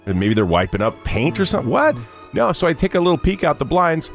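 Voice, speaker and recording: A man's voice: a little high, fast. Radio guy telling a goofy story, voice jumps all over, faint music under him. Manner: animated storyteller, shouts and mimics voices for laughs. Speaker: radio show co-host. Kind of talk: comedic storytelling on a morning radio show.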